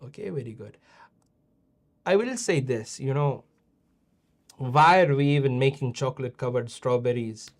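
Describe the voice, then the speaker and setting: A man's voice: medium pitch, normal speed. A middle-aged man hosting a kids' show, judging their videos with playful teasing and mock-scolding. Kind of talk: casual chat.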